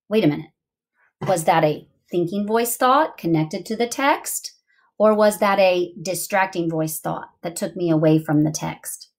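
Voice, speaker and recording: A middle-aged woman teacher giving a remote reading lesson to young children, thinking aloud in an expressive, sing-song way. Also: lowish voice, unhurried.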